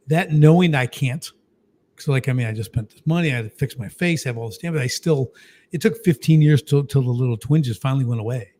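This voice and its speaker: A middle-aged man as an interview guest, telling stories in an animated way, full of "you know" and "like". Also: medium pitch. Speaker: guest, business coach. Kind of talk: storytelling interview talk.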